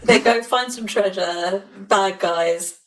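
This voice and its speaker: A woman's voice: medium pitch, takes it slowly, a bit bright, a little hiss or hum. Laid-back woman, off-mic. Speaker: podcast co-host. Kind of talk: casual film review chat. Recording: slightly distant mic.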